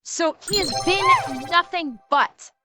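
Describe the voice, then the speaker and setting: A woman's voice: very high voice, huge pitch swings, slow pace, over loud music. A woman streamer giving casual reaction commentary, emphatic and ranting, swearing often and swinging between mocking and serious.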